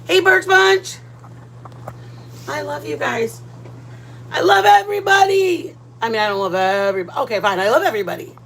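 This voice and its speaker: A woman hosting a casual cooking livestream from her home kitchen, chatty and playful, greeting viewers by name with loud excited bursts. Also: fairly high pitch, fairly quick, long pauses, a little hiss or hum, rough recording.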